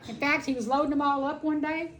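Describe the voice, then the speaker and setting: A middle-aged woman telling a personal story at a festival, dramatic, acting out quotes and swinging between loud and soft. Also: high voice, steady tone, fast talker, poor audio. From Texas. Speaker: speaker at a festival. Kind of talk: storytelling talk.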